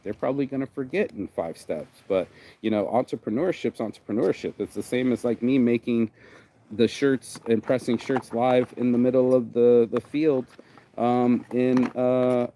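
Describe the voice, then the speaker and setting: A man's voice: on the low side, dark tone, slight background noise, poor audio. A man hosting his own vlog, chatting casually and rambling outdoors by a beach, full of "bro" and "you know". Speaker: vlog host.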